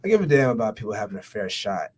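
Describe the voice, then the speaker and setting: A man's voice: fairly low pitch, very animated, very fast, a little mellow, slight background noise. A man from Washington, D.C., an elected official, speaking as a guest in a studio interview, polished and earnest. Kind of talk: casual interview talk.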